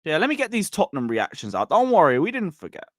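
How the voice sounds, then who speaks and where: A man's voice: fairly high pitch, huge pitch swings, fast, a bit bright, dry recording, clean studio sound. A man hosting a football livestream, chatting casually and reading out viewer messages. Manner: chatty, reads out chat messages. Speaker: livestream host.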